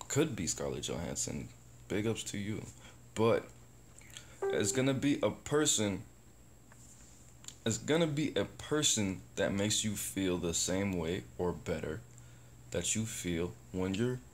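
A man's voice: on the low side, a little hiss or hum. A man talking to camera in a rambling, profane, casual vlog about positivity. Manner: rambling, profane, animated bursts. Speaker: vlogger. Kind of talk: casual self-talk vlog.

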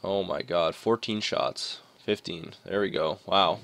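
A young man giving casual commentary while playing a hockey video game, chatty and quick to groan at bad play. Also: sits low, vocal fry, a bit bright. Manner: chatty, reacts with frustration to the game. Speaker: gaming commentator.

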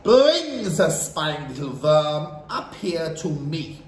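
A man's voice: very animated, slow. A man voicing a cruel female witch leader who shrieks orders while reading a storybook aloud. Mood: commanding. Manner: shrill, barking orders. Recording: roomy echo, faint hiss.

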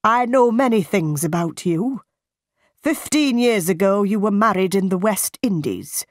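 A woman voicing a firm male lawyer who speaks slowly and emphatically in an audiobook reading. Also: mid-range voice, expressive, dry recording, clean studio sound, close to an everyday voice.

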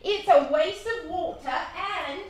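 A woman's voice: fairly high pitch, bright, forceful tone. A woman, a mother, chatting casually with her family, teasing and laughing often.

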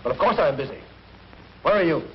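An actor playing a fast-talking wisecracking man. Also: on the high side, lively intonation, natural voice. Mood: brisk. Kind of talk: 1930s film acting. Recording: dull, faintly hissy old film soundtrack.

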